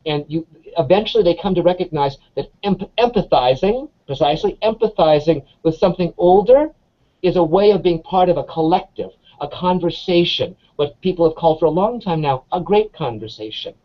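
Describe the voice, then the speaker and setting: Animated man telling stories, lo-fi sound. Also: high voice, brisk. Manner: animated storyteller, frequent restarts and fillers. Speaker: English professor, interview guest. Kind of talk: casual conversational interview. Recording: dull lo-fi sound.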